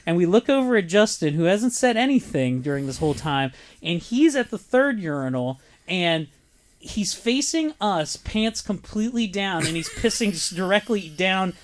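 A man's voice: high voice, very animated, moderate pace, a little hiss or hum. A man who is a comedian, co-hosting a podcast and telling crude stories with lots of laughter. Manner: crude, joking, laughs often. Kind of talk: raunchy casual storytelling chat.

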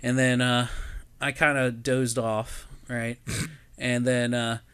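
A young man telling stories in casual chat, animated and laughing, shouting out the lines he quotes. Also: medium pitch, slow pace, clear, resonant tone, dry recording. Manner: animated storyteller, mimics others in loud shouts, laughs often.

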